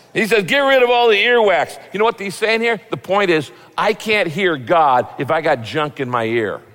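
A pastor preaching a sermon in a relaxed, folksy, conversational way, acting out little quotes as he goes. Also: sits high, big-room sound.

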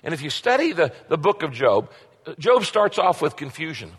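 A man's voice: a little high, sing-song, moderate pace, fairly bright tone, husky. A middle-aged man preaching a sermon as a pastor, emphatic and repetitive, asking rhetorical questions. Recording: long hall reverb.

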